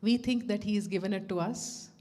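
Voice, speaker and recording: A middle-aged woman sharing a personal devotional story, animated and laughing as she acts out the dialogue. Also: mid-range voice, fairly quick. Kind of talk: personal testimony at a devotional gathering.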